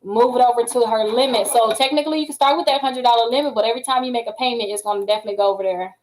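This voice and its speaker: Chatty high-voiced woman coaching on credit. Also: racing, low-quality recording. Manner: chatty, animated, addresses viewers as y'all. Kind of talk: casual live-stream advice.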